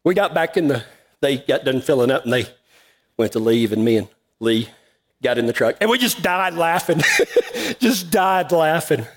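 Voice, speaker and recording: High-voiced cowboy preacher. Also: male voice, expressive, normal speed. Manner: drawling, folksy, laughs at his own story. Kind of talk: folksy storytelling sermon.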